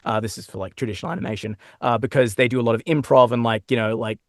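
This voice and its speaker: A man with an Australian accent, chatting as a guest in an interview, talking in quick restarts and laughing easily. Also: medium pitch, steady tone, dry recording, clean studio sound. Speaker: guest voice actor. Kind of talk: casual interview chat. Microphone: own microphone.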